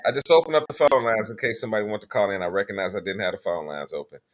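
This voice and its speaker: A man's voice: fairly low pitch, very fast. A man hosting a casual call-in talk show, talking bluntly and profanely in a laid-back way.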